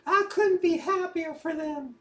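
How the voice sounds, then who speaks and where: A woman's voice: very high voice, unhurried. A woman playing a blunt, teasing friend. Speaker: friend in an audio drama. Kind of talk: audio drama acting.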